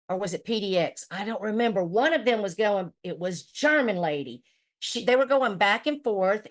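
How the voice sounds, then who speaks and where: A woman streamer rambles through a gossipy recap, swearing freely. Her voice sits at a middling pitch, and she talks in a loose, unscripted way. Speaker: livestream commentator. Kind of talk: casual livestream recap.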